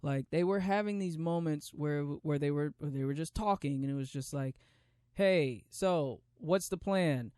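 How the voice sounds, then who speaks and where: A man's voice: fairly high pitch, steady tone, fairly quick, few pauses, warm tone, clean tone, no echo. A man hosting a solo podcast, reviewing movies in a casual, rambling way with lots of restarts and slang. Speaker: podcast host.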